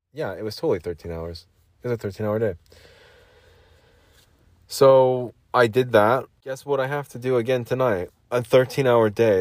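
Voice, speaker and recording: A man's voice: mid-range voice, a little mellow, no echo. A man hosting his own podcast in a loose, rambling monologue from a makeshift home vocal booth. He sounds tired after a long work shift, loses his train of thought and keeps repeating himself. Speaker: podcast host.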